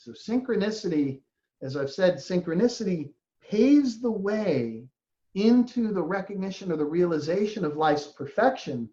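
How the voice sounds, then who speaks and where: A man giving a reflective spiritual talk as a teacher, gentle and earnest, sometimes acting out inner voices. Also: sits high, sing-song, normal speed. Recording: roomy, dull lo-fi recording.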